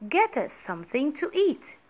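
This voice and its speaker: Woman doing an eager young storybook boy, high voice, pleading, lively ups and downs. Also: moderate pace. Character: poor young boy, lazy but eager.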